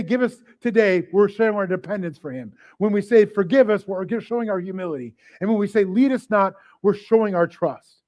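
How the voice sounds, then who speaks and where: A man's voice: high voice, a little mellow. A man preaching a sermon as pastor, casual and joking, often acting out little voices and asides. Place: church service.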